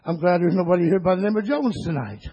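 A man preaching a sermon to his church, rising into high, excited bursts and calling for amens. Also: fast, slightly rough. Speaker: pastor. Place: church sanctuary. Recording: dull lo-fi church recording with long reverb.

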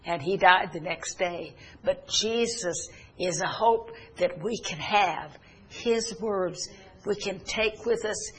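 A woman preaching a sermon, telling a story earnestly with halting pauses and restarts. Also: on the low side, slightly rough.

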